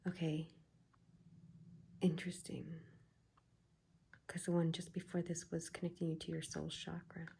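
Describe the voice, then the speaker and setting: A woman giving a casual tarot reading, soft-spoken and reassuring, often slipping into a half-whisper as she muses over the cards. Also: lowish voice, vocal fry, slight background noise. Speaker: tarot reader.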